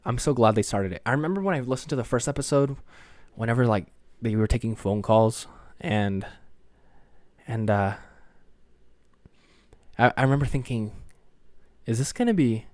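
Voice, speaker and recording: A man's voice: medium pitch, moderate pace, long pauses, darkish tone, no echo. A tired young man hosting his own podcast, rambling in casual chat, swearing freely and apologizing for himself. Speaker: podcast host.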